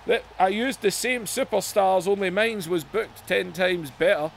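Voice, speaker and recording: Man, very high voice, slow excitable game play-by-play with shouts. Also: vocal fry, a little hiss or hum. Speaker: YouTube gaming host. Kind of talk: excited wrestling play-by-play over a video game.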